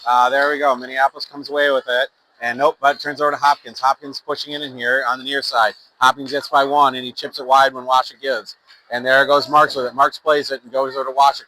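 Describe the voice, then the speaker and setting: This play-by-play announcer has a medium-pitched, sharp voice and calls amateur youth hockey in a loose, rambling style, with fillers, self-corrections and sponsor plugs between plays. The recording is low quality, with slight background noise.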